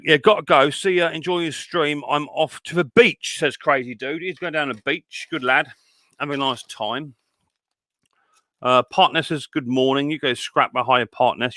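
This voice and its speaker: A man's voice: medium pitch, sharp tone, no room sound, clean studio sound. A middle-aged man, hosting a casual livestream and chatting to viewers in a rambling way full of fillers and restarts. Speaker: livestream host and mower repairer.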